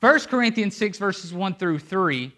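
Man, preacher, sermon, emphatic, asks the room questions, fairly high pitch. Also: animated, unhurried, sharp tone. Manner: emphatic, pulls listeners in with questions. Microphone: handheld microphone.

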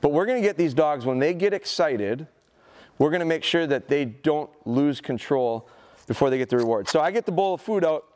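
A man in his forties giving a live dog training seminar, telling stories in an animated, folksy way and speaking to the audience. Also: a little high, a little fast. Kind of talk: live seminar talk with demonstration. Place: seminar hall at an outdoor show.

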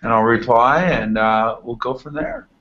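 A man, a company CEO, talking as a podcast guest, relaxed and halting, with many fillers. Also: mid-range voice. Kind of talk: casual interview. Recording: dull lo-fi podcast audio.

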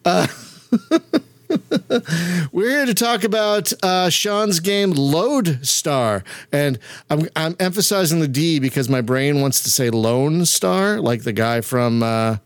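A man from Philadelphia hosts a casual podcast chat from a home setup over a voice call, laughing often and playfully stumbling over his words. His voice is a little high and unhurried, with a clean tone and a dry recording.

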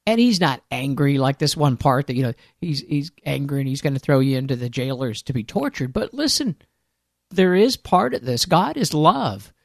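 A man's voice: mid-range voice, animated, moderate pace, gravelly, dry recording, clean studio sound. A man preaching a sermon in an earnest, emphatic way, with conversational asides to his listeners.

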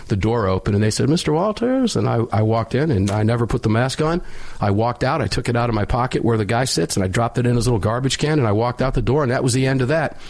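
A middle-aged talk radio host with a mid-range voice and a sinus infection tells a story, loud and emphatic throughout.

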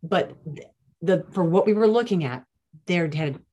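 A woman, a nurse and guest on an interview, telling stories in an animated, chatty way with many restarts. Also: fairly low pitch, measured pace, husky. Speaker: nurse and plant-based diet advocate, guest. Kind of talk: casual interview storytelling.

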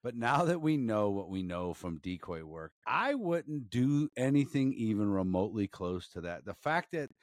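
A man's voice: lowish voice, very animated, moderate pace, few pauses, no room sound, clean studio sound. A man hosting a podcast, talking in a blunt, profane, joking way. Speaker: podcast host. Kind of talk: casual podcast chat.

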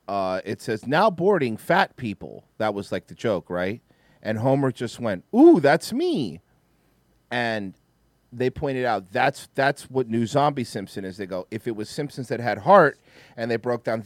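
A man in casual chat who gets animated, swears and acts out cartoon lines. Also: on the low side, no room sound.

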